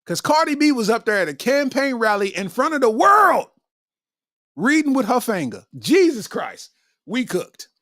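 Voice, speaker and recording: Animated, laughing male comedian host. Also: very high-pitched, moderate pace, no echo, clean studio sound. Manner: animated, slangy, laughs often, exclamatory. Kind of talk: comedic podcast monologue.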